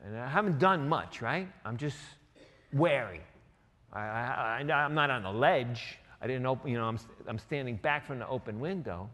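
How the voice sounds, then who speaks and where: A man's voice: mid-range voice, expressive, normal speed, pushed and bright. Guy preaching in a church, casual storyteller vibe, mimics people sarcastically, big echoey hall. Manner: conversational, acts out quotes with sarcastic voices. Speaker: pastor. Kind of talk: sermon.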